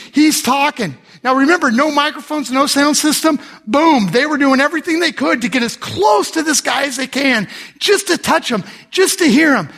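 A middle-aged male pastor preaching a sermon, telling the story with humor and acting out the people in it, and rising to shouts for emphasis. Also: very high-pitched. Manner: animated storyteller, acts out voices with humor.

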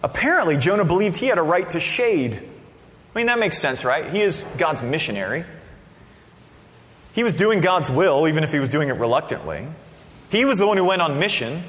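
A man preaching a sermon as a pastor, casual and conversational, with sudden loud bursts. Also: on the high side, big pitch swings, fairly quick. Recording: long reverb of a hall.

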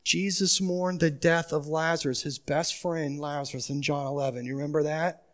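High-voiced man preaching a sermon. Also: steady tone, normal speed. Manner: emphatic, asks the congregation questions; swings from loud urgency to quiet pleading. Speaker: pastor.

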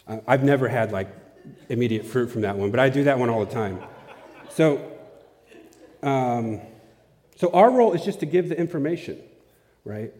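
Male preacher, relaxed and conversational, asks the room questions, mellow tone. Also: medium pitch, moderate pace, long pauses. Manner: casual, asks the audience questions. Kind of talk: conversational sermon. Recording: long hall reverb.

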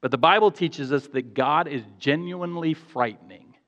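Pastor guy preaching, kinda high voice, lots of echo, muffled dull sound. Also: moderate pace, a bit bright. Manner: earnest, emphatic, repeats phrases for stress. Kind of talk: sermon. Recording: echoey hall, dull lo-fi sound.

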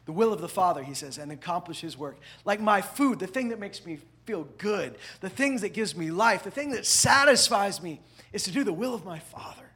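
A man preaching a sermon, animated, swinging between loud emphatic lines and hushed asides. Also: sits high, normal speed, husky. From parents from the American South. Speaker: pastor.

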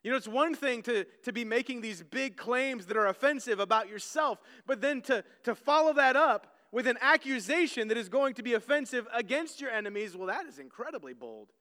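A male pastor preaching a sermon in a church, earnest and story-driven, often doubling words as he restarts. His voice is high for a man and comes across smooth and clear. It rings through the sanctuary with a long hall reverb. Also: lively intonation, fairly quick, few pauses, sharp tone.

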